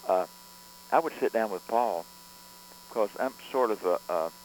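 A male record producer speaking in a somewhat low voice, telling long studio anecdotes. He rambles, circles back and restarts his sentences often, with a faint hum under the recording. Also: expressive, a little slow, a little mellow, poor audio. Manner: rambling, with frequent restarts and fillers. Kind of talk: conversational storytelling interview.

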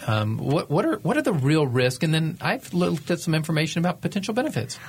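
A man's voice: fairly high pitch, big pitch swings, brisk, slightly rough. A man in his fifties, a doctor co-hosting a radio health talk show, chatting conversationally with fillers and restarts. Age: 50s. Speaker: co-host, physician.

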